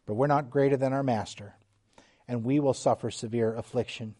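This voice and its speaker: A middle-aged man preaching a sermon, slow and emphatic, dropping suddenly to quiet, hushed lines. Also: medium pitch, fairly even intonation. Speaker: pastor.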